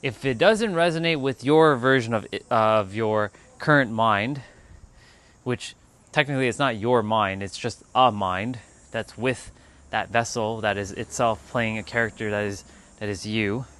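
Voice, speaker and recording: A man's voice: lowish voice, measured pace, a bit bright, clean tone. A man hosting a casual livestream who chats in a laid-back, musing way and laughs easily. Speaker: livestream host.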